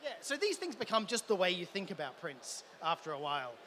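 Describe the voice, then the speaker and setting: An Australian man speaks at a conference with eager enthusiasm, tripping over restarts as his ideas run ahead of him. His voice sits high and bright. Faint event ambience hums behind him. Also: big pitch swings, a little fast, a little hiss or hum. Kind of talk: live conference talk. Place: event hall.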